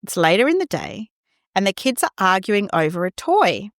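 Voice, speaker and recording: A woman hosting a parenting podcast, talking gently and reassuringly, acting out quoted lines in a scripted monologue. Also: medium pitch, big pitch swings, normal speed, no room sound, clean studio sound.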